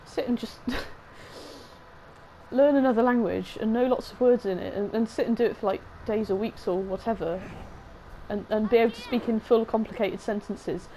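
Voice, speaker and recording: A young woman, commentating on a game she is playing, excitable and swearing often, with a sore throat. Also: fairly high pitch, moderate pace, slight background noise, rough recording. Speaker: game streamer. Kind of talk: let's-play commentary.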